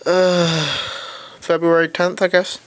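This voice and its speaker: A man's voice: high-pitched, completely flat delivery, slow pace. A young man giving a casual, rambling vlog update into a handheld music player, offhand and self-mocking. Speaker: vlogger. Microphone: handheld music player camera.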